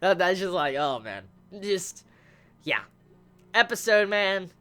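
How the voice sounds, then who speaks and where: A young man excitedly reviewing an anime episode in casual talk, swearing often and stumbling over repeated words. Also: high-pitched, slow, smooth, faint music behind.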